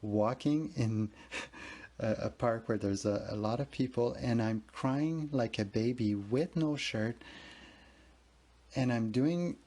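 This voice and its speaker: A man's voice: medium pitch, slow, dark tone. A man hosting a podcast, telling a rambling, earnest personal story full of emotion and casual swearing. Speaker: podcast host.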